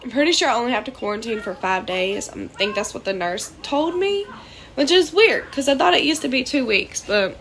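A woman's voice: a little high, animated, moderate pace, fairly bright tone, a little hiss or hum. A young woman, sick and congested, rambling in a scattered way with many fillers in a casual vlog from her trailer. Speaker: vlogger. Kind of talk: casual talk to camera. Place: small trailer indoors.

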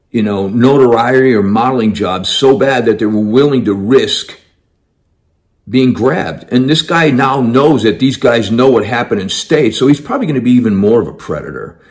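A man's voice: mid-range voice, darkish tone. A man telling a personal story in an emphatic, conversational way.

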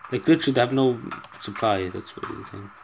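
A man's voice: lowish voice, a little fast, creaky, noisy background. A man giving casual let's-play commentary, exasperated and pleading, swearing often as things go wrong. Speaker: gameplay commentator.

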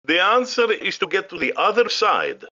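A man's voice: sits high, very animated, normal speed, sharp tone, full character voice. A man voicing a whiny, cheeky cartoon sidekick. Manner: pleading, nagging, springy intonation. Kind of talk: fan-made text-to-speech cartoon. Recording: dull lo-fi audio.

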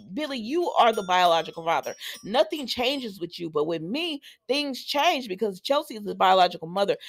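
A woman in casual, chatty talk, recapping a soap opera episode for her viewers and reacting with laughs and asides. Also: mid-range voice. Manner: chatty and animated, laughing and talking to viewers as "y'all".

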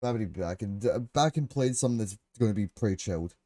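Male streamer, casual chat, laughs often, swears freely, mellow voice, dry sound. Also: on the low side, racing, no room sound. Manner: excitable and chatty.

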